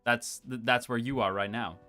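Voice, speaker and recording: A man's voice: mid-range voice, steady tone, moderate pace, pushed and bright. A man hosting a casual streamed chat, rambling playfully with lots of fillers. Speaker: host.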